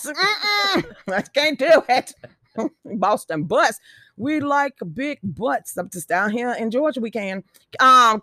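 A middle-aged woman chats as a live show host, brash, profane and joking. Her voice sits a bit high, with a bright, sharp edge. The sound is dry and close. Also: dry recording. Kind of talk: casual chat.

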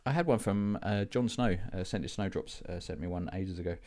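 Man with a very low voice, casual podcast co-host, relaxed and rambling. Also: brisk. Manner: relaxed, rambling, many fillers. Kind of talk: casual chat.

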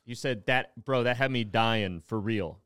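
A man co-hosting a comedy podcast, telling a made-up story in deadpan, casual banter. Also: medium pitch, measured pace, clear, resonant tone, dry recording. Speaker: podcast co-host.

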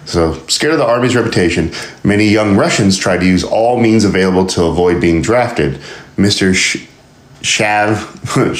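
A man hosting a casual podcast, reading news aloud and riffing on it in a rambling, joking way with frequent laughs. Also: low-pitched. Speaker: podcast host. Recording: roomy echo.

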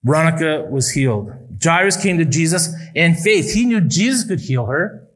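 A male pastor preaching a sermon at a church service, building emphatic appeals that rise and then drop quietly. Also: a little high, lively intonation, moderate pace, low-quality recording.

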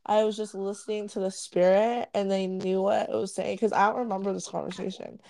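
Teasing woman with a mellow voice. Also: mid-range voice, steady tone, fairly quick, vocal fry. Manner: teasing and joking, laughs often. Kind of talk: casual chat.

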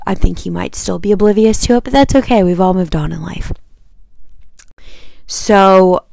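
A young woman hosting a podcast, telling a personal story in a chatty, animated way and acting out what people said. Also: on the low side, gravelly, no echo. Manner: chatty, animated, acts out quotes with sighs and asides. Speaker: podcast host. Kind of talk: casual storytelling monologue.

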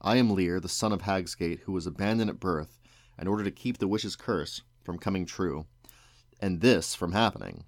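Man reading stern young king, grave, firm, deep voice. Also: normal speed, no room sound, clean studio sound.

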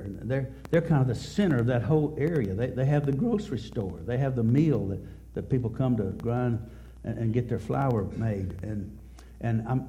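In a warm, mid-range voice, a middle-aged pastor preaches at a church service, telling a story haltingly with frequent repeated words. The audio has its highs cut off and a little hiss or hum.

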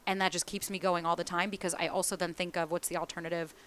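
Fast-talking candid woman in casual chat. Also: on the low side, a little hiss or hum. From East Coast of the US. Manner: candid, animated, swears freely, acts out quoted voices. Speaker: small business founder. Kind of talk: casual podcast conversation.

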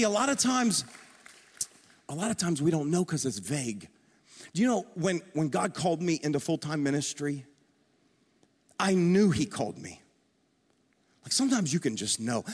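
A man's voice: medium pitch, big-room sound. A man preaching as a pastor, earnest and impassioned, repeating phrases and rising to emphatic peaks. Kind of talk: sermon.

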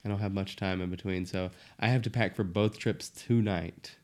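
Laid-back young man with a low voice. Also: steady tone, normal speed. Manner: laid-back, slangy, says "like" and "dude" often. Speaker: podcast co-host. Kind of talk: casual chat.

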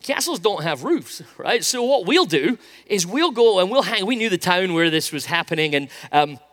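A man's voice: high-pitched, normal speed. A middle-aged man preaching a sermon, telling a story with energy and acting out what people said. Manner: storytelling, animated, acts out quotes. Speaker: pastor.

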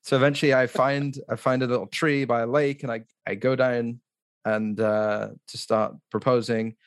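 A man's voice: medium pitch, little pitch movement, moderate pace, clear, resonant tone, no echo, studio quality. A man speaking as a podcast guest, telling a story in a casual, rambling way with lots of "like" and restarts.

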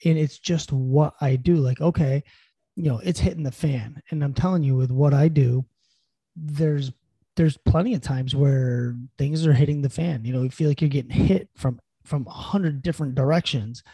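Warm, husky man giving upbeat advice. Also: on the high side, moderate pace, no room sound. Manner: earnest, encouraging, many fillers like "you know". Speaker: podcast co-host. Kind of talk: casual chat.

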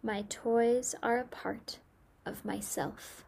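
A woman voicing an old male toy maker in a children's story, speaking slowly, with sighs and a weak voice. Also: on the high side, fairly even intonation, gravelly, a little mellow, slight background noise. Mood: weary. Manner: slow, sighing, weak-voiced.

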